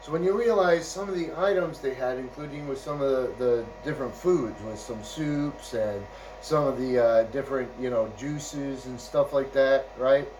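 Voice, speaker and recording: A man's voice: mid-range voice, moderate pace, darkish tone, far from the mic, a little hiss or hum, rough recording. A man telling a casual, rambling anecdote, chuckling often and checking in with "right?" and "you know". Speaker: storyteller.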